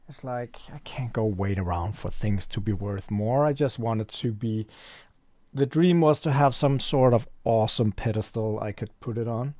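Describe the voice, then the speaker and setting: A man's voice: mid-range voice, dark tone, dry recording. A man who runs a shop, chatting casually on a livestream, rambling and thinking aloud while reading the chat. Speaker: store owner livestreaming.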